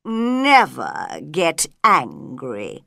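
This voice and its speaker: A woman voicing a slow, sleepy and unfriendly male caterpillar in a storybook reading, drawling out curt questions. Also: sits low, huge pitch swings, vocal fry, bright, forceful tone, no room sound, clean studio sound, pitched below the performer's own voice, full character voice.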